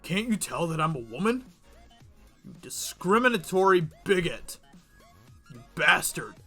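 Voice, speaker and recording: A man's voice: sits high, very animated, unhurried, pushed and bright, husky, faint music behind, exaggerated voice. A man voicing an indignant woman who insists on being called ma'am, in a huffy, exaggerated tone.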